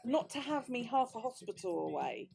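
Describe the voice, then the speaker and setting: A woman's voice: on the high side, sing-song, normal speed, vocal fry, a little mellow. A British woman vlogger telling a story in casual chat, swearing freely and acting out the quoted dialogue. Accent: British English. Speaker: crafting vlogger.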